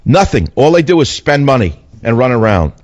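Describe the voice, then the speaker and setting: Older guy radio host ranting and storytelling, pitch jumping all over, dry close studio mic. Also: fairly quick, no room sound, dull audio. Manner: animated storytelling, voices swinging up and down. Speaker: radio talk show host. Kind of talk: opinionated talk radio monologue. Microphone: studio microphone.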